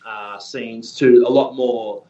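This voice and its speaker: A man in his thirties from Australia, a guest in a casual interview, talking in a rambling, relaxed way with many fillers. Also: mid-range voice, takes it slowly. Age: 30s. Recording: distant, echoey, muffled room sound.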